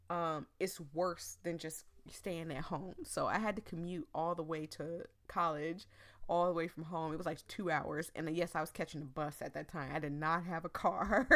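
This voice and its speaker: A woman's voice: on the low side, a bit bright. A young woman from the United States chatting casually while playing a story game, rambling, laughing often and losing her voice. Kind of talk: casual chat while reading game text aloud.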